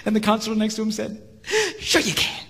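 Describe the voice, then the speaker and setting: A man giving a humorous sermon-style seminar talk, telling stories animatedly and jumping into high voices for quotes. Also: monotone, brisk, gravelly, heavy background noise. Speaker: marriage seminar speaker. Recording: live hall with long reverb, faint ambience.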